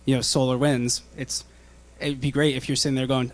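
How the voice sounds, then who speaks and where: A man at mid pitch speaking on a conference panel. He explains his points earnestly, building on what others have said. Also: flat delivery, brisk. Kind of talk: panel discussion. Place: conference stage.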